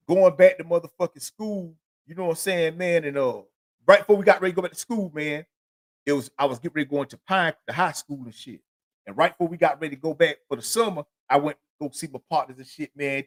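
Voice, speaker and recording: A middle-aged man telling his life story on his own podcast, rambling and profane, full of filler phrases. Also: fairly high pitch. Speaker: podcast host. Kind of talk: solo storytelling monologue.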